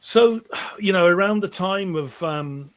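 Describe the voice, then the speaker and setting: A middle-aged man with a fairly high voice, guesting on an interview show. He tells long, animated stories and keeps restarting his sentences. His delivery is casual and chatty. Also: measured pace. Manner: animated, rambling anecdotes with frequent restarts. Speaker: musician guest.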